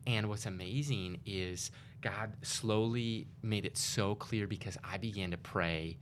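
A man's voice: lowish voice, a little slow, a bit bright, slight background noise. A young man hosting an interview, speaking emphatically and chiming in often to agree. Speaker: host.

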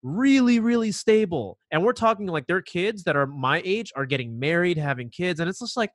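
A man's voice: high voice, animated, moderate pace, no echo, studio quality. A young man in casual podcast chat, talking emphatically and repeating words when worked up.

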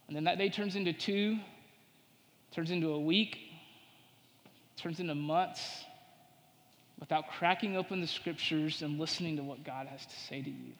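Guy preaching a sermon, fairly high voice, big echo from the hall, gets loud on his points then goes quiet. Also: normal speed, long pauses. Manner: preaching with rising emphasis, acting out tempting voices in hushed tones. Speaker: pastor.

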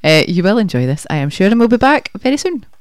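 A woman's voice: medium pitch, very animated, quick pace, noisy background. A woman with a Scottish accent co-hosting a casual music show, chatty and rambling. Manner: chatty, rambling, laughs easily. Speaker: co-host. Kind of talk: casual radio chat.

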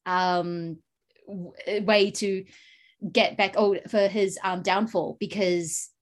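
A woman's voice: medium pitch, fairly even intonation, takes it slowly. A woman chatting enthusiastically about a film, rambling with many fillers. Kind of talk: casual film discussion.

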